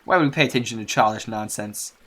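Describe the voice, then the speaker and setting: A man's voice: fairly low pitch, quick pace, a bit bright. A man reading a scornful village mother. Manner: scolding, contemptuous.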